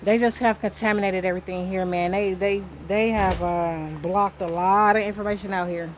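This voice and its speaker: Woman, casual spiritual reader, rambling, salty, indoors, mid-pitched, faint room hum. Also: steady tone, moderate pace. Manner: rambling, talkative, swears casually. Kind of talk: casual spiritual reading to viewers.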